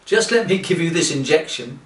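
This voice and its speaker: A man's voice: a little high, animated, brisk, recorded from a distance, voice pushed up, close to an everyday voice. A man voicing a chummy male doctor in a breezy, offhand manner. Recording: roomy, from away from the mic.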